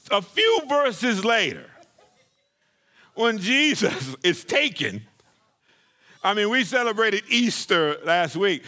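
A male pastor preaching a sermon, lively and conversational, acting out scripture scenes with playful asides. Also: sits high.

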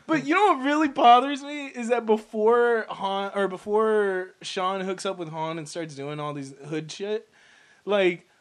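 A man with a noticeably high voice talks through a movie in loose, casual podcast chat. He swears freely, throws in quick jokes and laughs often. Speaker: podcast co-host.

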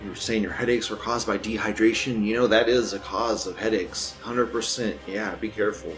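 A man's voice: lowish voice, fairly even intonation, brisk, fairly bright tone, soft background music. A young man hosting a casual commentary show, rambling and crude, laughing often. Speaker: show host.

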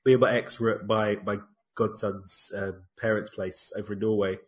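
A man's voice: lowish voice, little pitch movement, normal speed. A man co-hosting a casual video-call podcast, telling stories about himself and laughing often. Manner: self-deprecating storyteller, laughs often. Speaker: podcast co-host. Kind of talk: casual chat.

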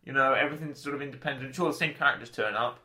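A man's voice: medium pitch, rapid-fire, sharp tone. A man co-hosting a film podcast, chatting casually and joking about movies with playful impressions. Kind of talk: casual chat.

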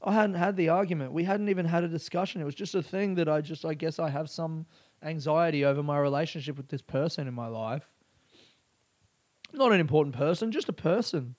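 A man's voice: a little high, moderate pace, darkish tone, no echo. A comedian, talking in a rambling, self-deprecating way, swearing often and laughing at his own story. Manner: frequent restarts and laughs. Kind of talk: casual monologue.

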